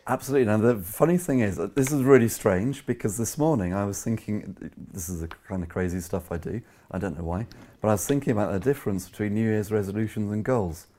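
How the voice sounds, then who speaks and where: A man's voice: lowish voice, fast, warm tone. A man hosting a podcast interview, chatting easily and giving short agreeing replies. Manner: brief agreeing replies, easygoing. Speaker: podcast host. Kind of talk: casual interview talk.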